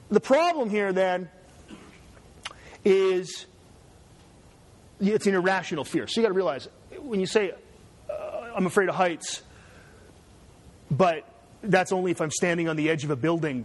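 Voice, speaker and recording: A man's voice: high-pitched, lively intonation, normal speed, long pauses. A man giving a casual classroom lecture, often checking in with his students with "right?". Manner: chatty, asks students "right?".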